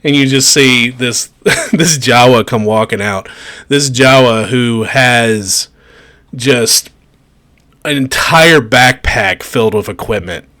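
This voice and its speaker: A man's voice: medium pitch, slow pace, bright, forceful tone. A man narrating a tabletop game as game master, chuckling and amused, over a video call.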